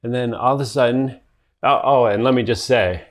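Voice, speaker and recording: A man's voice: mid-range voice, normal speed. A man co-hosting a podcast, telling a story in casual chat, rambling with many fillers and frequent laughs. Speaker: podcast co-host.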